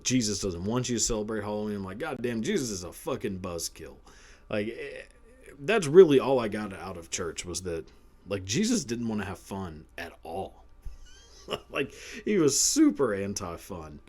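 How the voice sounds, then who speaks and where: A man's voice: on the low side, sing-song, normal speed, darkish tone. A man in his thirties, a podcast host, telling a profane, rambling comic story and laughing often. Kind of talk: casual comedic storytelling.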